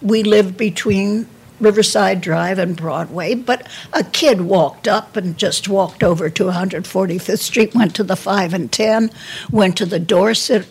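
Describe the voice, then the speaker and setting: An older woman, talking as a guest in an interview. Her voice is husky and breathy, and her pitch sits in an ordinary middle range for a woman. She reminisces candidly, breaking off and restarting her sentences as she goes. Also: a little mellow. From New York. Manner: halting, with frequent restarts and repeated words. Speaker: guest, actress.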